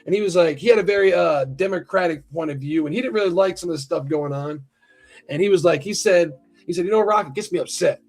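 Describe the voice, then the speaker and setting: A man's voice: on the high side, fast, a little mellow, soft background music. An American man hosting a livestream, chatting casually and rambling with plenty of swearing while talking to his chat. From United States. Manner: profane, rambling, talks to chat. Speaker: livestream host.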